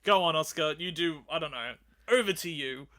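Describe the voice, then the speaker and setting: A man's voice: a little high, moderate pace, sharp tone. A man co-hosting a podcast, chatting casually about a movie, joking and laughing often. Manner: jokey, laughs often, riffs with silly voices. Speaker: podcast co-host. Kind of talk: casual film review chat.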